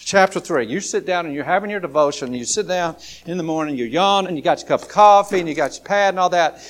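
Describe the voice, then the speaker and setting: Male pastor, higher register, folksy sermon delivery with rising emphatic peaks. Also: fast talker. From Alabama, USA. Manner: folksy, swings from soft asides to rising, emphatic calls.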